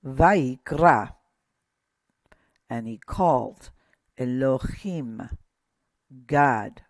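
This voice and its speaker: A man of middle pitch speaks very slowly as he teaches, saying each word and then saying it again. He points out where the stress falls. The sound is dry, with almost no room echo. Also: expressive, darkish tone. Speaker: Hebrew teacher. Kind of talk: slow word-by-word pronunciation lesson.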